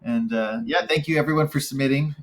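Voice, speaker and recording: A man hosting a caption contest panel, talking casually and haltingly, with many fillers as he reads entries aloud. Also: medium pitch. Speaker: contest host.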